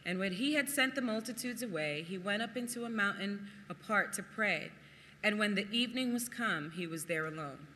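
Animated preacher with a sharp, bright voice. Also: medium pitch, moderate pace, long reverb tail, a little hiss or hum. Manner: animated, laughs often, acts out quotes. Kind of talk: sermon with Bible reading.

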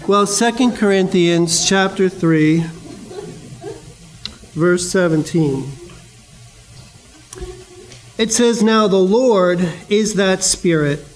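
High-voiced male preacher, chatty sermon. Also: poor audio. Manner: conversational, storytelling with asides.

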